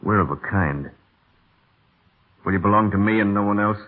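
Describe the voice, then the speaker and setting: An actor playing a husky, brash young stable hand on old radio. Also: male voice, lowish voice, moderate pace, close to an everyday voice. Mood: ardent. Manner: bold and pleading. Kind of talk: 1930s radio drama acting. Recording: thin, phone-like old radio broadcast.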